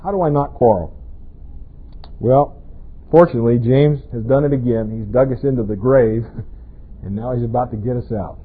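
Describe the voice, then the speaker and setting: Husky-voiced man preaching conversationally. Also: medium pitch, normal speed, long pauses. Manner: conversational, asks the congregation rhetorical questions. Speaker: pastor. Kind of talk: sermon. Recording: tinny, phone-like band-limited sound.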